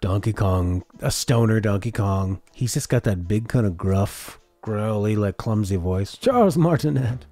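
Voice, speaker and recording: A man's voice: lowish voice, lively intonation, a little slow, hardly any pauses, warm tone, no room sound, soft background music. A man streaming a casual reaction chat, talking things over and reading viewer comments aloud before answering them. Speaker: streamer reacting to a game showcase.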